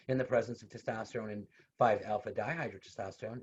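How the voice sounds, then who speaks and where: A man's voice: medium pitch, fast talker, slightly rough. A man teaching a casual online university lecture, talking conversationally, repeating his points and adding personal asides. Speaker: university instructor. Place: online video class. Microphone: video call. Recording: dull lo-fi video call audio.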